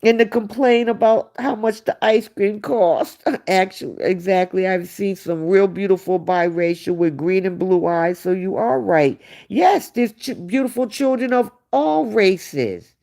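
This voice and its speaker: Reading viewer comments aloud on her livestream, a woman answers them with blunt sarcasm in casual commentary. She speaks at a measured pace with few pauses, in a mellow, medium-pitched voice.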